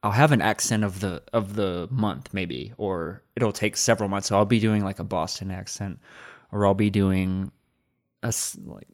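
A man from Texas with a fairly low voice hosts a laid-back podcast conversation. He talks loosely, swears casually and laughs easily. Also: fairly even intonation, moderate pace. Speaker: podcast host. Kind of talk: casual chat.

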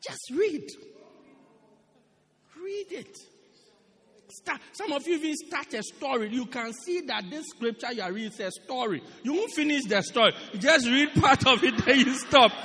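A man from South Africa preaching a sermon in an animated, repetitive way, often laughing at his own jokes. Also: very high-pitched, a little fast, few pauses. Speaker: pastor. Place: large church hall. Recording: long echoing church hall reverb.

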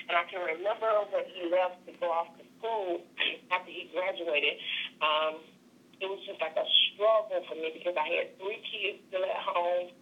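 A woman in her forties, a guest being interviewed, answering hesitantly with many pauses and ums. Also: fairly low pitch. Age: 40s. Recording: tinny phone line.

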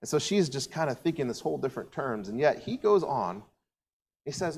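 A man's voice: medium pitch, sing-song, fairly quick, a little mellow, big-room sound, slight background noise. Conversational man preaching. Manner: conversational storytelling with voiced asides. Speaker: pastor. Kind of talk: sermon.

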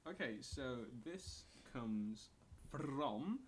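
A young man co-hosting a podcast in casual chat, playful and quick to laugh, slipping into jokey voices. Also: medium pitch, expressive, a little hiss or hum. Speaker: podcast co-host.

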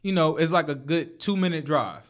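High-voiced man telling a wild story. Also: moderate pace. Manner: animated, laughs often, profane street slang, repeats and restarts. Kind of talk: casual storytelling chat.

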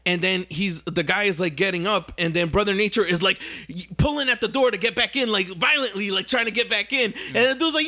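A man's voice: high-pitched, brisk, hardly any pauses, bright, forceful tone. A young man, swearing and using slang as he tells a story animatedly in a casual podcast chat.

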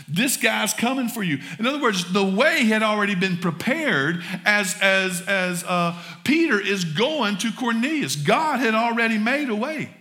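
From the pulpit of a church sanctuary, a pastor with a Southern US accent preaches a folksy sermon, speaking straight to the congregation and calling them y'all. His voice is high and sharp, with lively intonation, a slightly slow pace, and hardly any pauses.

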